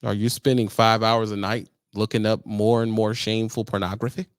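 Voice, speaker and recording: A man hosting a casual trucking livestream, talking bluntly and swearing, his voice jumping high and loud when he presses a point. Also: fairly quick, clear, resonant tone, no room sound, clean studio sound. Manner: blunt, animated, swears, rises to loud high-pitched emphasis. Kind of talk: casual advice talk to viewers.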